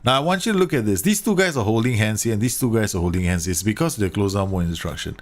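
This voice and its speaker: Guy with a lowish voice walking viewers through a football sim replay, chatty and easygoing. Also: lively intonation, quick pace. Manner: chatty, explains to viewers, laughs at own slips. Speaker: gaming YouTuber reviewing tactics. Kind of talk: casual football game tactics commentary.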